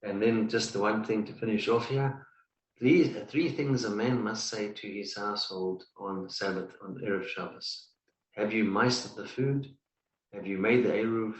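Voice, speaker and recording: A man reading aloud from a book in a study session, halting with restarts. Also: fairly low pitch, echoey room, recorded from a distance, rough recording. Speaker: study partner.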